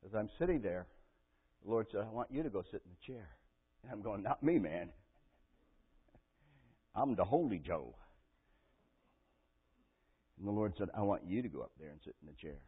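Pastor, male, fairly low voice, heartfelt sermon with loud peaks, lo-fi phone-quality recording. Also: animated, fast talker, breathy edge. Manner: emotional storytelling, rising to near-shouting. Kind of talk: sermon with personal story. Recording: tinny phone-like audio.

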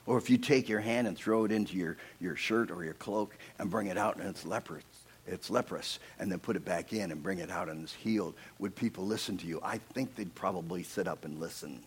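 A middle-aged man preaching a sermon with animated storytelling, swinging between soft, low asides and loud, emphatic passages. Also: a little fast, husky. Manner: earnest, personal asides.

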